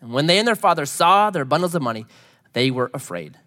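A man's voice: on the high side, fairly quick. A man preaching a sermon, retelling scripture in a conversational way and voicing the characters, laughing at his own jokes. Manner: animated, acts out quoted lines, laughs at own jokes. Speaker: pastor.

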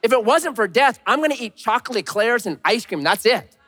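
A man in his thirties, a pastor giving a sermon, swinging between loud punchy lines and hushed slow emphasis. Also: extremely high pitch, animated. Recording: long reverb of a large hall.

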